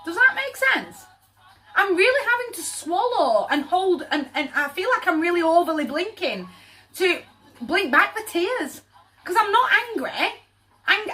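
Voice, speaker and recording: A tarot reader with a high, pushed, bright voice chats her way through a casual reading. She speaks emphatically and keeps asking her listener "does that make sense?"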